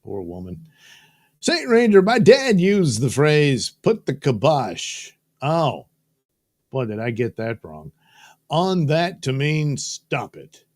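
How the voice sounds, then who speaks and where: A man hosts a live stream, reading out viewer comments and joking about them. He talks slowly, and his pitch swings widely as he teases the chat. The sound is dry and close. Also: dry recording. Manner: joking, reads viewer comments aloud, quick silly voices. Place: studio.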